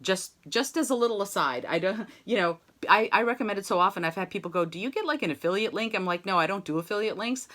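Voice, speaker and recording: A woman with a mezzo voice teaches an online singing lesson, chatty and encouraging. Her tone is bright and ringing, at an ordinary middle pitch. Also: quick pace, hardly any pauses. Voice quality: mezzo-soprano voice. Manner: chatty and encouraging, sings short demo phrases.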